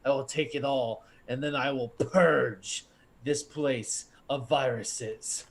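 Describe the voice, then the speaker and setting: A man voicing a booming, domineering computer program that scornfully hoards power in a tabletop game. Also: steady tone, slow pace. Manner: loud, scornful proclamations.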